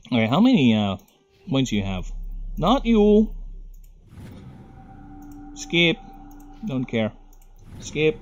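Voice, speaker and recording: A man's voice: mid-range voice, sing-song, slow, pauses often. A young Filipino man with a Filipino accent, chatting casually and profanely while streaming a video game, often drifting into rants. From Philippines. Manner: rambling, profane, goes off on rants. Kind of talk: live gaming stream chat.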